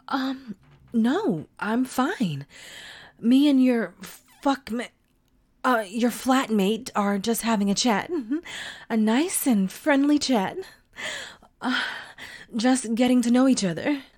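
A woman voicing a flirtatious, sneaky middle-aged mother in an erotic audio role-play, talking in a teasing, breathy way with frequent giggles. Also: a little high, heavily acted.

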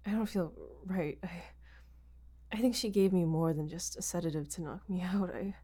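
A woman's voice: lowish voice, moderate pace, mellow, breathy edge, voice pushed down. A woman voicing a frightened, drugged young captive who pleads and swears in panic. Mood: pleading.

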